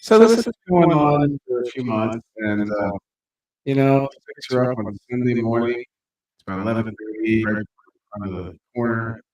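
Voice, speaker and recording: A man's voice: mid-range voice, animated, moderate pace, darkish tone, dull audio. A man co-hosting a casual livestream, telling crude jokes loosely and laughing at his own punchlines. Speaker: stream co-host.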